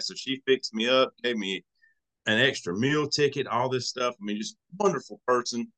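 Southern country man with a bright voice. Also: mid-range voice, a little fast. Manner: folksy, emotional, acts out quoted voices. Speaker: podcast guest. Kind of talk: casual storytelling.

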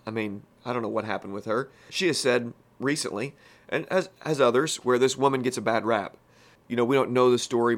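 A man leading a conversational Bible-teaching podcast at a mid-range pitch. He talks in a folksy, plain-spoken way and keeps dropping in casual asides as he walks through the text.

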